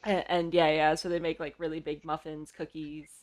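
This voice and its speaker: Chatty woman, lowish voice. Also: level tone, normal speed. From Canada. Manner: chatty, laughs easily, trailing fillers. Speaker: tabletop game player. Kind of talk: casual chat.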